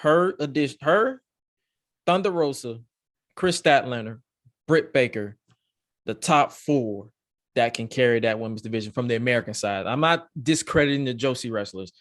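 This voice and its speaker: A man hosting a podcast, reviewing wrestling in excitable, profane, rambling casual chat. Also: mid-range voice, normal speed, dry recording, studio quality. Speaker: podcast host.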